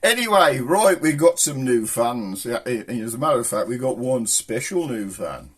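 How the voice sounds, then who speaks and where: Jokey host, lively pitch. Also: male voice, moderate pace, slight background noise. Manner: jokey, rambling. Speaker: comedy show host. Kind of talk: casual comic monologue.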